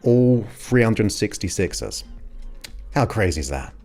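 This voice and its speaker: A podcast host from England chats casually and enthusiastically with viewers on a livestream. His voice is lowish and a little mellow, very animated, and his pace is slow.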